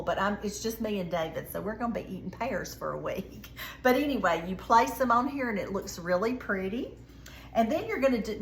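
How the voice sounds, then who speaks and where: A woman's voice: medium pitch, reverberant, a little hiss or hum. A woman with a Southern US accent hosting a casual cooking video, chatting to viewers in a folksy way. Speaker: cooking show host.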